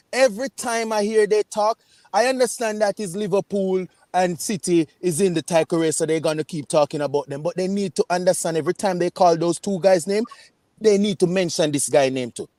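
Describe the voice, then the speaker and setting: A man's voice: high-pitched, brisk, darkish tone, no echo, clean studio sound. A man with a Jamaican accent, calling in to a football fan show on a video call, ranting with fiery emphasis. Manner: fiery, emphatic, repeats "man" and "you understand". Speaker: fan caller.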